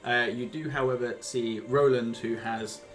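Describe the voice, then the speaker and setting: A man narrates as game master of a tabletop role-playing game. His voice sits at a middle pitch, and he hesitates often, stringing descriptions together with ums and uhs. Music plays clearly in the background. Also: steady tone, a little slow, fairly bright tone.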